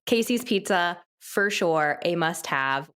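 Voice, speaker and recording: A woman podcast host with a slightly low voice leads a conversational interview. She sounds enthusiastic and reflective, laughs easily, and her pitch climbs when she gets excited. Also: slow, clean tone.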